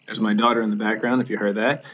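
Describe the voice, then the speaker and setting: A man's voice: fairly low pitch, flat delivery, fast, phone-quality sound, a little hiss or hum. A man teaching from slides at home, explaining patiently with many fillers and restarts. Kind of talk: recorded slideshow lecture. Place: home, with a laptop.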